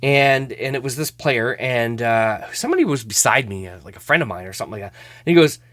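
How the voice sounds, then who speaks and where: A man hosting a hockey card show, casually rambling as he opens cards, hedging with many trailing remarks and breaking into excited laughs. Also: mid-range voice, a little fast, no echo. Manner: hesitant, rambling, many trailing 'I don't know's; laughs easily, bursts into excited outbursts. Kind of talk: casual card-opening commentary.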